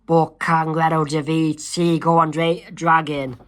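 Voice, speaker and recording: A man voicing a scheming male mad scientist villain in a homemade comic reading, with halting delivery and slips. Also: fairly high pitch, level tone, fairly bright tone. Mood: gleeful.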